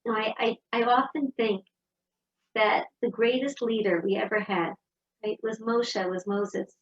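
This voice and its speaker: A woman giving an inspirational talk, telling personal stories in a lively storytelling manner. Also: a little high, unhurried, lo-fi sound. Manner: storytelling, warm and animated. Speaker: speaker.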